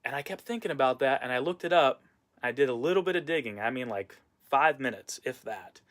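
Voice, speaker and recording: A man's voice: medium pitch, expressive, brisk, fairly bright tone. A man talking casually in a vlog, rambling and venting about a former boss with many fillers and asides. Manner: frequent fillers and trailing asides. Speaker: vlogger and musician.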